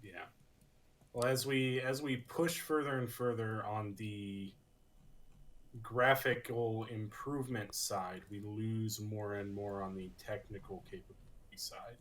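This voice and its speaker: A man co-hosting a podcast, chatting casually with a measured, wry manner. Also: lowish voice, fairly even intonation, a bit bright, a little hiss or hum. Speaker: podcast co-host. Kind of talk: casual chat.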